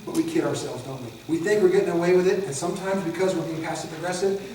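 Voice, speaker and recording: A man's voice: fairly high pitch, fast talker, darkish tone, a little hiss or hum. A man teaching a de-escalation training class, lecturing animatedly and acting out examples in mocking voices. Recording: echoey room, recorded from far off.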